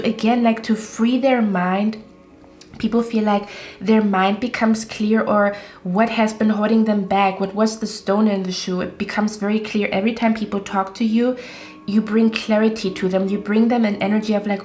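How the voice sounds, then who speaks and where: Woman doing a tarot reading, flat even voice, lots of like and um, talks right to you. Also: mid-range voice. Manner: rambling, reassuring, addresses viewers directly. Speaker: tarot reader.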